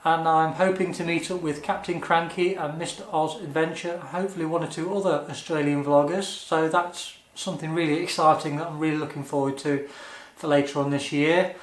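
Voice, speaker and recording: A man chats through viewer questions in an easygoing vlog, earnest and a little hesitant with frequent ums. His voice sits slightly high for a man. The sound bounces around an echoey room. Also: steady tone, a little fast. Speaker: motovlogger answering viewer questions. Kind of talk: casual Q&A vlog.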